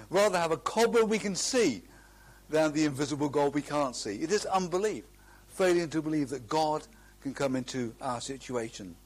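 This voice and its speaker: A middle-aged man preaching a sermon, earnest and emphatic, drawing out key phrases and often restarting. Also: on the high side.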